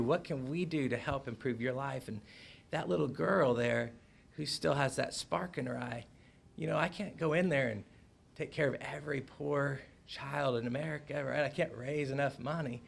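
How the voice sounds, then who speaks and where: A man telling a personal story at a press conference, earnest and animated, with many restarts. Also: mid-range voice, creaky.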